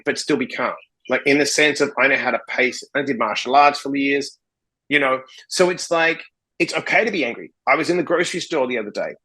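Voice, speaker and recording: A man, a podcast guest telling stories in a casual, animated way and acting out both sides of the dialogue. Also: mid-range voice, slightly rough, low-quality recording. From Australia. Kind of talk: casual storytelling in a podcast interview.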